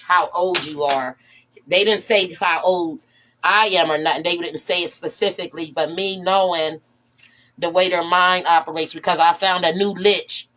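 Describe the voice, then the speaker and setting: A woman's voice: fairly low pitch, bright, forceful tone. A woman talking candidly to her viewers, her voice rising when she gets exasperated. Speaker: vlogger. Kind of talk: casual monologue to camera.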